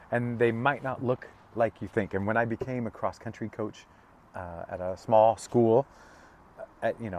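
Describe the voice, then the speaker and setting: A middle-aged man giving a casual, heartfelt tarot reading that wanders through stories, with many stops and restarts. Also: mid-range voice. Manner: rambling, emotional, with many restarts and self-interruptions. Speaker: tarot reader.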